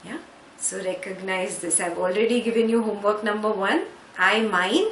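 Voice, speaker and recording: A woman's voice: medium pitch, a bit bright. A woman teaching a scripture class, patiently explaining Sanskrit words and checking in with listeners. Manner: slow, patient, checks understanding with frequent "yeah?". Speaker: spiritual teacher. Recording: echoey room, faint background noise.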